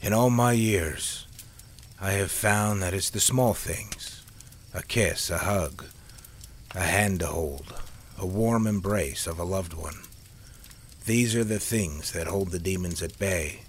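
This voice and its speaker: A man with a low voice reading the lines of a wise older man who speaks slowly and solemnly. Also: a little hiss or hum.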